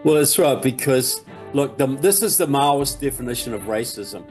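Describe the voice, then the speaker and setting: A man's voice: medium pitch, expressive, normal speed, a little mellow, faint music behind. Earnest male talk show guest. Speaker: guest commentator.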